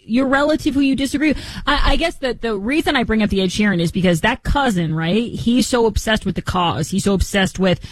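A woman's voice: mid-range voice, expressive, fast, hardly any pauses, no echo, low-quality recording. A woman co-hosting a talk podcast, speaking in an impassioned, rambling way with frequent restarts. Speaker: co-host. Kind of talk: opinionated podcast commentary.

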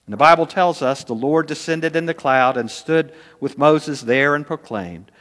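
A man preaching a sermon as pastor, earnest, slowing down to stress key words. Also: fairly high pitch, fairly bright tone, big-room sound.

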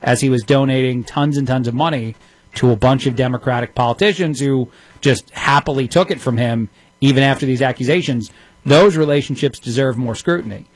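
A sarcastic male radio host in his thirties, talking through the news with plenty of ums and uhs. His voice sits at an ordinary middle pitch, and the studio sound is dry and close. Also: dry recording. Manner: sarcastic, rapid-fire delivery with frequent fillers. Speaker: radio talk show host. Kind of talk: opinionated radio commentary.

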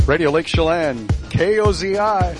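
A man's voice: on the high side, moderate pace, loud music behind the voice. Upbeat man hosting radio from a bar. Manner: upbeat, enthusiastic. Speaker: radio host on remote broadcast. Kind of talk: casual live radio chat. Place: sports bar, on location.

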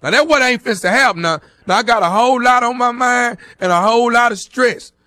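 A man's voice: very high-pitched, brisk, pushed and bright, no echo. A man playing a pushy jailed caller. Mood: insistent. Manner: keeps repeating "hold up", pushy and defiant. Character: jailed man calling to claim his girl back, stubborn. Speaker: prank caller. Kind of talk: prank phone call.

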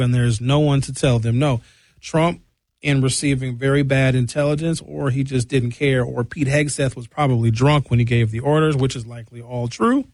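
An American man delivering a sarcastic, animated comedic rant with a mocking edge. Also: medium pitch, no echo, low-quality recording. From United States.

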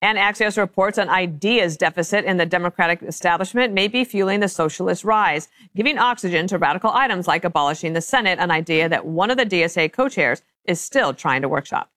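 A woman hosting a television news panel show, reading introductions and questions in a brisk, crisp anchor delivery on a studio microphone. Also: lowish voice, fairly bright tone, no room sound. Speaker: talk show host.

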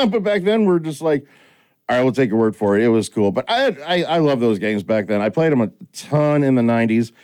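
A man's voice: mid-range voice, a little fast. A middle-aged man hosting a casual chat, telling stories and acting out quoted lines. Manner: animated storyteller, acts out quoted lines. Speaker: podcast host.

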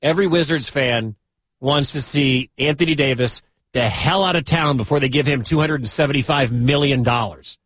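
A man hosting sports talk radio, excitable and given to loud bursts of enthusiasm. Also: mid-range voice, moderate pace, no room sound.

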